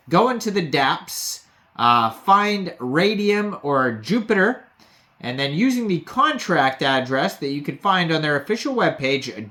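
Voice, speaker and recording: A man's voice: on the high side, bright, forceful tone. A man hosting a crypto video, casually walking through web pages and reading out figures with frequent "uh" fillers. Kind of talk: casual screen walkthrough narration.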